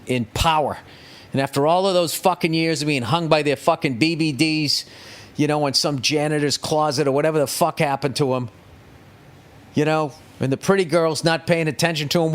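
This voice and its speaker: A man hosting a podcast, delivering a profane, sarcastic comedic rant monologue. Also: on the high side. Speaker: podcast host.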